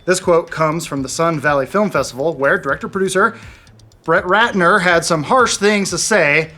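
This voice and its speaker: A man's voice: on the high side, moderate pace, pushed and bright, faint music behind. A man co-hosting an entertainment news show, trading sarcastic wisecracks in jokey banter. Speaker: co-host.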